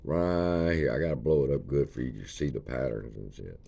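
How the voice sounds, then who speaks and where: A man's voice: rumbling low, moderate pace, creaky, mellow, husky. A man, casually walking viewers through a chart for his stock channel. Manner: folksy, points at chart features as he talks. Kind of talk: casual screen-share chart walkthrough.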